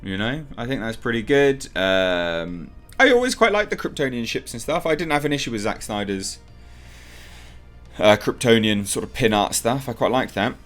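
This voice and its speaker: A man's voice: medium pitch, animated, normal speed, fairly bright tone, faint music behind. A man reviewing a movie trailer in casual reaction commentary, opinionated and rambling as he thinks aloud with frequent ums.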